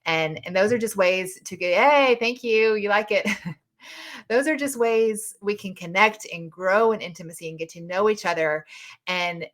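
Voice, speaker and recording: A woman's voice: fairly low pitch, a bit bright. A woman with a Southern US accent hosting a live audio chat room, chatty and laughing at her own jokes. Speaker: podcast host.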